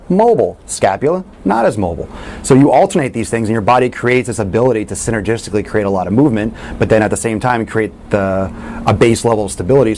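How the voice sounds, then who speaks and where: A man coaching fitness in a casual question-and-answer talk, blunt and animated, swearing freely. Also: on the low side, slight background noise.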